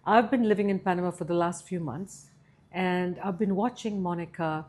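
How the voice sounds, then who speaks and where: A woman's voice: on the low side, normal speed, darkish tone. A woman hosting a podcast interview, asking encouraging questions of her guest. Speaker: podcast host.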